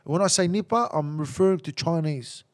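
A man hosting a podcast in rowdy, casual banter, swearing a lot, stammering, repeating "listen" and laughing loudly. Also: a little high, normal speed. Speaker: podcast host.

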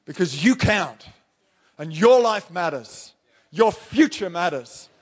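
A male pastor with a high voice delivers a sermon from the pulpit. He talks straight at his congregation, pressing his points with emphatic, blunt rhetorical questions. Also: expressive, slow.

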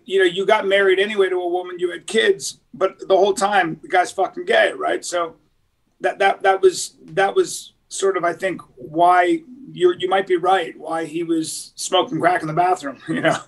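Male podcast host, high-pitched, rambling anecdotal delivery, slips into other voices. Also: steady tone, moderate pace, creaky. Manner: rambling storyteller, acts out quoted voices. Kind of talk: casual chat.

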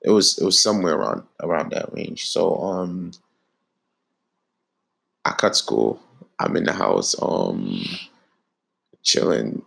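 A young man co-hosting a casual chat, teasing his co-host and telling his own story in relaxed slang. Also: low voice, slow, creaky, pauses often, husky.

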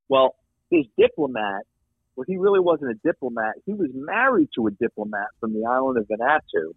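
A man tells a story from his police days with lively swings in pitch, swearing freely and acting out each person he met. His voice is husky and thin, squeezed into a tinny phone-like band. The room sound is dry and close. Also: dry recording. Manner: animated, profane, acts out the people in his story. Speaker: guest, former police detective. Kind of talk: casual storytelling.

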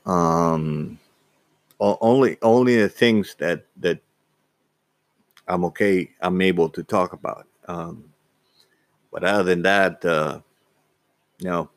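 A man telling a personal story casually, halting, with frequent restarts and repeated words. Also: low-pitched, no room sound. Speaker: vlogger.

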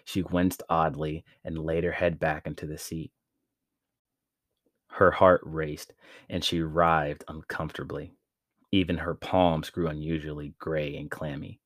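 A man reading a story aloud as a podcast narrator, in a measured, dramatic way. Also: extremely low pitch, no room sound, clean studio sound.

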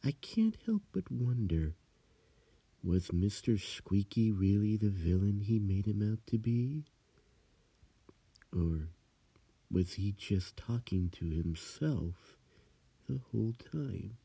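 A man telling a creepy rhyming tale, slow and dramatic. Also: on the low side, lively intonation, gravelly, warm tone, slightly rough, no echo. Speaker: storyteller. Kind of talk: spooky storytelling.

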